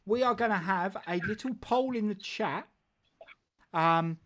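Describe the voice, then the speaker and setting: A man's voice: high-pitched, unhurried, fairly bright tone. A man hosting a casual football live stream, rambling and jokey with frequent restarts. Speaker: football show host.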